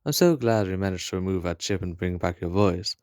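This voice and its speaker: Man doing a booming strongman, fatherly and cocky, very deep, dry close sound. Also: expressive, a little fast, darkish tone, clear, resonant tone, no echo. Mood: hearty. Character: jovial boastful middle-aged male Russian super-soldier.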